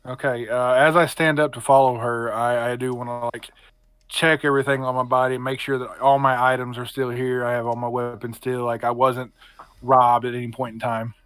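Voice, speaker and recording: A man's voice: medium pitch, little pitch movement, moderate pace, fairly bright tone, clean tone, no room sound, clean studio sound. Casual man playing a tabletop game. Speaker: player. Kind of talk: tabletop role-play.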